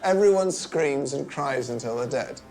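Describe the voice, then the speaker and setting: A drunk man telling a history story in a rambling, deadpan way. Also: mid-range voice, moderate pace, soft background music. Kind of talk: drunken comic retelling of history.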